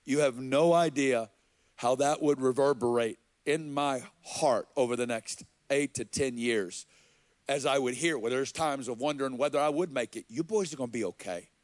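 A man from Arkansas, preaching and telling a personal story in an earnest, halting way. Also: medium pitch, no echo. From Arkansas, USA. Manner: earnest, slow and halting, with quoted dialogue. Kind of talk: sermon storytelling.

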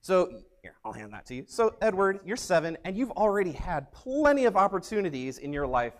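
A young man preaching as a youth pastor, telling stories in an upbeat, energetic way. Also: sits high, brisk. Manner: upbeat, energetic, animated storyteller. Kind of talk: youth sermon with storytelling.

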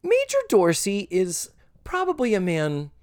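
A man hosts a casual podcast, talking with a lively, swooping pitch and a camp, animated manner. He slips into quick character voices when retelling scenes. The sound is close and dry, with no room around it. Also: clear, resonant tone, no room sound. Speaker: podcast host.

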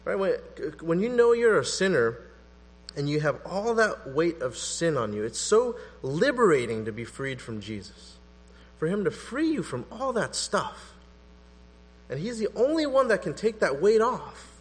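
A man preaching a sermon in an animated, conversational way, acting out quotes as he goes. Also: high voice, unhurried, husky. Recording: long hall reverb with mains hum.

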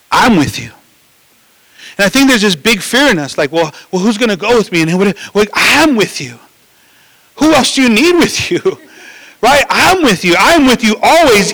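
A man preaching a sermon in an animated way, with frequent restarts and asides to the listeners. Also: sits high, no room sound, low-quality recording. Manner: animated preaching, acts out voices, many restarts and "right?".

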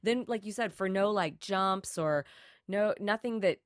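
A woman casually chatting about a film with a co-host, wry and quick with quips and giggles. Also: mid-range voice, no room sound, clean studio sound. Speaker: movie podcast co-host. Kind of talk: casual chat reacting to a film.

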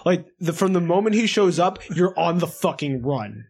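A man co-hosting a casual podcast, cutting in with quick, teasing remarks about games. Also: fairly high pitch, lively intonation, darkish tone, husky. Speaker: podcast co-host.

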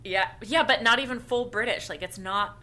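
A woman's voice: medium pitch, normal speed, pushed and bright. A woman co-hosting a casual podcast chat, giggling as she retells scenes. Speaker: podcast co-host. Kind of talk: casual chat comparing anime versions.

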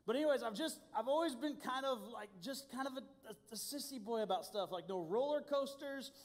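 A youth pastor from Indiana preaching a sermon, telling stories in an animated, self-deprecating way. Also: male voice, very high voice, brisk. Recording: long hall reverb.

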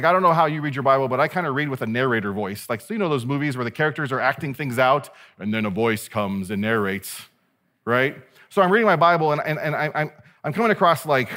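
A male pastor delivering a sermon in a lively, conversational way. He jokes with his listeners and acts out the people in the story. His voice sits at a middle pitch for a man. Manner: animated, conversational preaching with playful asides.

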